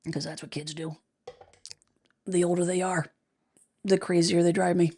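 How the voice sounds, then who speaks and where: A woman's voice: lowish voice, level tone, normal speed, warm tone, slightly rough. Middle-aged American woman, casual livestream host, rambling and chatty, reads comments aloud. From United States. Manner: chatty and rambling, many fillers and restarts. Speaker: real estate show host. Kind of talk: casual livestream chat reading viewer comments.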